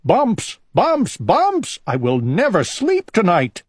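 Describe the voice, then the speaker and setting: A man voicing a fretful, gentle male owl in a storybook reading, talking in an anxious, earnest, childlike way. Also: high voice, wildly swooping pitch, slow, husky, no echo, studio quality, pitched above the performer's own voice, exaggerated voice. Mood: panicked.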